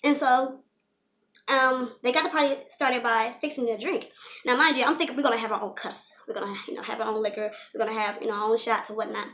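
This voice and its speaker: Animated young woman telling a story. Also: fairly high pitch, fast talker. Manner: animated, rambling, lots of "you know" fillers. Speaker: storyteller vlogger. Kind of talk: casual storytelling.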